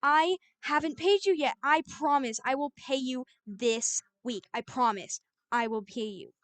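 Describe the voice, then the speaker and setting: A woman's voice: high voice, measured pace, no echo. A woman voicing an apologetic young female art client who keeps promising to pay, in a raised, pleading voice.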